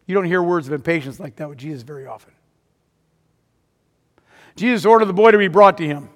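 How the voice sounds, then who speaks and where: High-voiced preacher in an echoing hall. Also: male voice, a little fast. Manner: dramatic retelling, rising to emphatic peaks. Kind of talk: sermon. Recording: long hall reverb.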